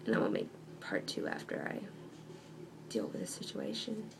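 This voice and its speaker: A woman's voice: a bass voice, sing-song, moderate pace, gravelly, noisy background. A young woman talking in a casual video monologue at home, sarcastic and hesitant with many ums. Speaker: vlogger.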